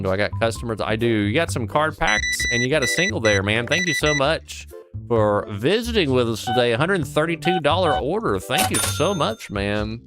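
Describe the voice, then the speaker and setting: A man casually commenting on a shop game, joking and chatting with his customers. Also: lowish voice. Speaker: gaming streamer.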